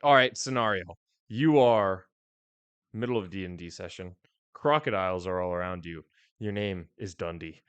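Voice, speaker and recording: A man's voice: low voice, lively intonation, moderate pace, smooth, no echo. A young man co-hosting a podcast, joking around and tossing out trivia in casual chat. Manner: playful, jokey, tosses out trivia. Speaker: podcast co-host.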